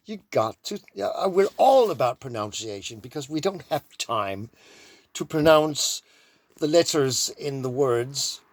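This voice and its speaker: A man's voice: a little high, no room sound. A man from Denmark with a Danish accent, rambling playfully through a personal monologue. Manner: playful, drifts into mock accents and silly sounds. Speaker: vlogger.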